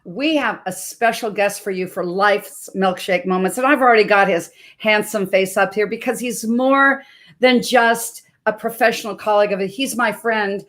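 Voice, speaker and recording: A woman in her sixties from Montana, a health coach hosting a live webcast, introducing her guest in an expressive, emphatic storytelling manner. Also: mid-range voice, normal speed. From Montana, USA. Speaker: health coach and show host.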